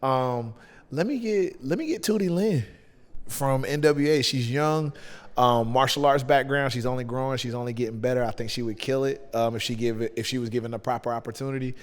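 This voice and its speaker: A man's voice: medium pitch, brisk. Laid-back Southern US man, hall reverb. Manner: laid-back, rambling, with many fillers. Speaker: guest, pro wrestler. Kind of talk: casual chat.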